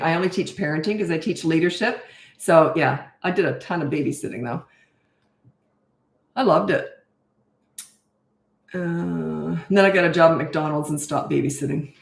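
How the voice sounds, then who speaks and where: Chatty woman in her sixties, lower-pitched. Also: normal speed, creaky, echoey room. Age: 60s. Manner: chatty storyteller with frequent fillers and laughs. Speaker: parenting coach. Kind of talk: casual livestream Q&A.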